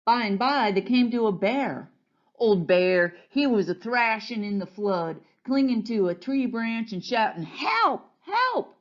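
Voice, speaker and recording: A woman pastor reading a children's storybook aloud in a gentle, folksy storytelling manner. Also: mid-range voice, measured pace, muffled recording.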